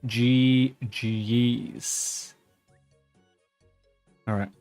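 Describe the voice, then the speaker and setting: A man's voice: mid-range voice, steady tone, drawn-out words, darkish tone, soft background music. A man streaming a game live, talking to himself and his viewers as he plays, with frequent swearing. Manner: mutters to himself, swears when frustrated. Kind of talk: live gameplay commentary.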